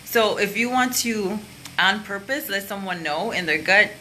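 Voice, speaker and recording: A woman's voice: mid-range voice, a little slow, sharp tone, slight background noise, poor audio. A woman coach giving a casual, chatty lesson to camera and showing the points with her own voice. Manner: open, chatty, demonstrates with her voice. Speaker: career and sales coach.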